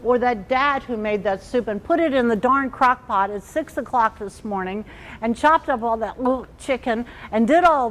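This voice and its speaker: A woman trainer giving an animated workshop talk, acting out little quoted inner voices as she explains. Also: a little high, low-quality recording.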